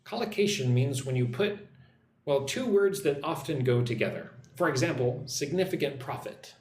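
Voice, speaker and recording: A man teaching English on a live stream, slowly modeling pronunciation and reading viewer comments aloud. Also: medium pitch, expressive, a little mellow, echoey room, a little hiss or hum.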